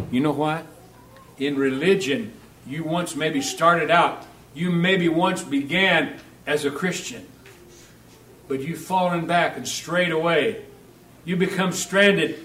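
Guy preaching in church, kinda higher voice, reads scripture loud then drops real quiet to ask the crowd stuff. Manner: dramatic, swings between loud emphasis and quiet asides. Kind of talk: sermon.

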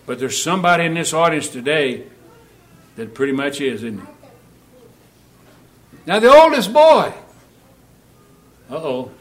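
A man preaching a sermon in a church, shifting between loud, emphatic Bible reading and quiet, direct questions to the congregation. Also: on the high side.

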